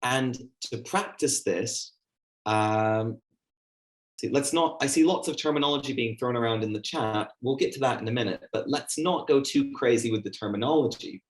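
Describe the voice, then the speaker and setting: A man's voice: medium pitch, normal speed. A man running an online teaching workshop, chatty and full of fillers, acting out how he talks to a class. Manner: chatty, filler-heavy, demonstrates classroom talk. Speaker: teacher trainer.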